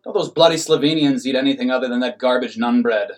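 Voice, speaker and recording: A man's voice: mid-range voice, fast talker, lightly acted. A man voicing a scornful, grumbling male factory worker in a comic story, full of exclamatory slang. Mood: exasperated.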